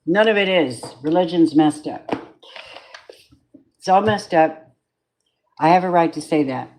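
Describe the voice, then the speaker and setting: A woman's voice: low voice, unhurried, background noise. A woman reads tarot cards for a general audience in a loose, rambling way. She speaks candidly, swears freely and keeps slipping into spiritual asides. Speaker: tarot reader. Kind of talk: collective tarot reading.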